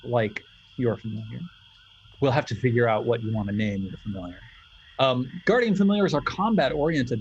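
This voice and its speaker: A man's voice: mid-range voice, darkish tone, muffled recording, slight background noise. A man narrating as game master in a loose, chatty way.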